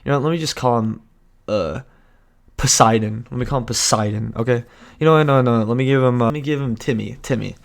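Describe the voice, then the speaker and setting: A man's voice: mid-range voice, quick pace, creaky. A young man vlogging a casual storytime, rambling and cutting himself off, laughing often.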